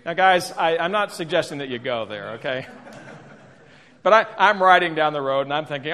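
A middle-aged man with a slightly high, bright voice presents a workshop at a storytelling conference, speaking at a moderate pace with lively intonation and a forceful tone. He tells self-deprecating stories and often restarts his sentences. The recording comes from a reverberant lecture hall.

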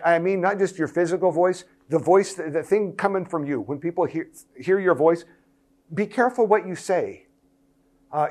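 A man's voice: fairly high pitch, darkish tone. A man speaking as a pastor, giving earnest, emphatic practical advice to church leaders, often repeating his phrases for stress. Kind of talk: sermon-style talk to church leaders.

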